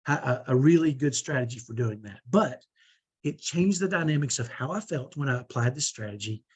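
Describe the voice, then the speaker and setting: A middle-aged parent coach gives a conversational teaching talk to parents, often checking in with a quick "right?" as he makes his points. His voice is medium-pitched, expressive, and husky.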